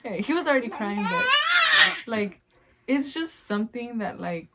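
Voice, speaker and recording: A woman's voice: fairly high pitch, big pitch swings, moderate pace, heavy background noise. A young woman telling her birth story to camera in a rambling, casual way, with many fillers. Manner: rambling, full of "like" fillers, acts out her own sounds.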